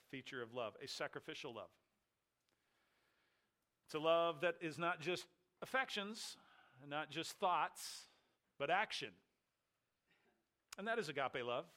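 A man's voice: mid-range voice, pushed and bright. A male pastor preaching an expository sermon, emphatic, repeating key phrases and asking and answering his own rhetorical questions.

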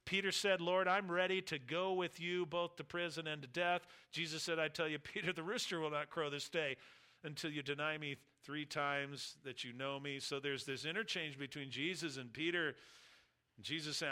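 Bright-voiced man preaching a sermon. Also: on the high side, steady tone, normal speed, clear, resonant tone. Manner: reads scripture aloud and acts out the speakers' words. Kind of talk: expository sermon.

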